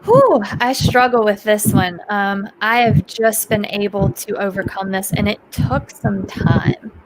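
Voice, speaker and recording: A woman from the United States answering interview questions as a communication coach, animated and acting out example voices. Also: mid-range voice, measured pace, slight background noise.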